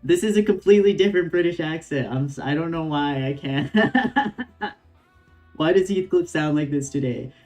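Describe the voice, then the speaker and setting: A man's voice: fairly high pitch, normal speed, a little mellow, faint music behind. A man streaming a game, reading its dialogue aloud and adding laid-back, slangy commentary between the lines.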